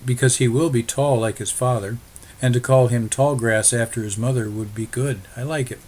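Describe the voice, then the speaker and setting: A man voicing a gentle, practical Irish settler who speaks calmly and reassuringly to his wife. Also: mid-range voice, moderate pace, close to an everyday voice.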